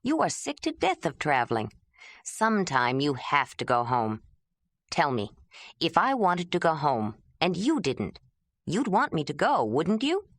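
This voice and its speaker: Brief: woman playing an injured older brother, pleading, earnest, low-voiced. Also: wildly swooping pitch, measured pace, no echo, studio quality, full character voice. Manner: pleading, urgent.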